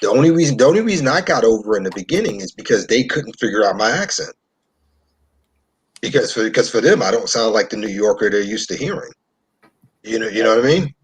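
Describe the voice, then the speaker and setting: A man from New York in casual discussion, an animated storyteller who repeats himself. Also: lowish voice, fast talker, slightly rough.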